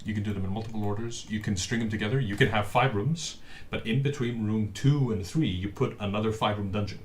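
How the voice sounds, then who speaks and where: A man with a low voice chats casually on his live stream. He rambles, restarts and fills gaps with "uh." His voice comes through a webcam microphone with a faint hiss behind it. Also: fast talker. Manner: rambling, with many fillers and restarts. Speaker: streamer host.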